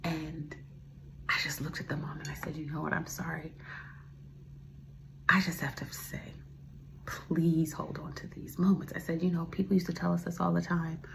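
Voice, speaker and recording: A woman's voice: deep voice, flat delivery, moderate pace, gravelly, long pauses, noisy background. A woman in her forties hosting a podcast, rambling through a heartfelt personal monologue and dropping to a whisper at tender moments. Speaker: podcast host.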